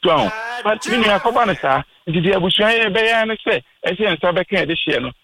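A man's voice: high-pitched, lively intonation, fairly quick, creaky, a crowd in the background, rough recording. A man from Ghana speaking as a family spokesman in a radio interview, earnest and repetitive, pleading his family's case.

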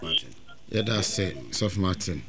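A man's voice: sits low, animated, unhurried, creaky, pushed and bright. A Ghanaian man hosting a radio phone-in, thanking callers briefly and moving to the next one. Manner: brief courteous thanks and greetings. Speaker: radio host taking calls.

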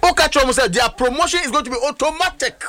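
A man's voice: very high voice, fast talker, bright, forceful tone. A man with a Ghanaian accent, speaking as a political guest on a talk show with emphatic, scornful commentary and rhetorical questions.

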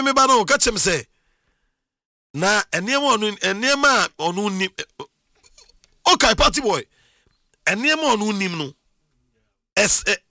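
A middle-aged man from Ghana telling his own life story in a casual, animated monologue with frequent exclamations. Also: very high-pitched, no echo, studio quality. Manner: animated, exclaiming, laughs often.

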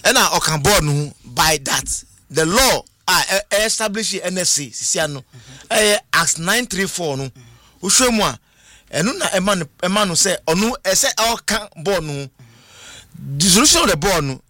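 A man's voice: high-pitched, sing-song, moderate pace, sharp tone, dry recording, studio quality. A man with a Ghanaian accent talking animatedly as a guest on a radio talk show, switching between Twi and English. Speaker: studio guest.

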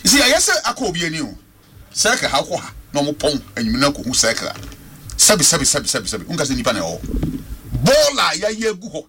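A Ghanaian man phones in to a radio talk show, his voice bright and tense and his pitch swinging widely. He hammers his points home by repeating words. A faint hiss sits under the call. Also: huge pitch swings, fast talker. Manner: emphatic, repeats words for stress. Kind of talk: passionate radio call-in commentary.

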